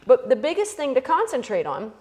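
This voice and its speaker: A woman's voice: high voice, wildly swooping pitch, brisk, background noise. A middle-aged woman teaching a playful, encouraging yoga class for kids, calling out each movement. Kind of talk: kids' yoga class instruction.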